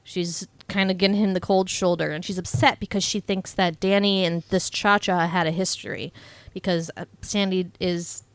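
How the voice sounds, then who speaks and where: A woman's voice: on the low side, steady tone, normal speed, clear, resonant tone, no echo. A young woman co-hosting a podcast, casually recapping a movie plot with lots of "like" and "um" and frequent swearing. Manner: chatty, swears freely, full of "like" and "um". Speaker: podcast co-host.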